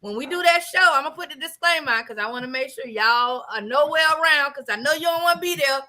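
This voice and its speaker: A woman hosting a casual chat show, talking loudly and emphatically with lots of laughter. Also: sits high, animated, quick pace. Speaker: host.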